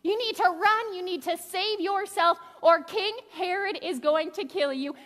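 A woman's voice: very high voice, measured pace, a bit bright. A woman acting out Pharisees who urgently warn Jesus to run. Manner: urgent, pleading. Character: anxious Pharisees warning of danger. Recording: reverberant church hall.

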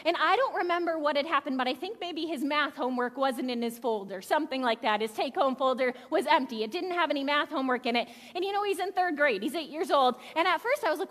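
A woman's voice: high voice, lively intonation, a little fast, few pauses, fairly bright tone. A woman in her thirties giving a sermon in a church, telling stories in a candid, chatty, self-deprecating way. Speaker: pastor. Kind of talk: conversational sermon. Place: church sanctuary. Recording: reverberant church hall.

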